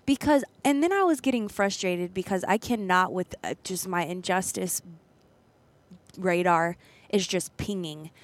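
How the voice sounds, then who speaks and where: A woman's voice: on the low side, unhurried. A woman co-hosting a podcast, telling a story in casual chat and acting out the people she quotes. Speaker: podcast co-host.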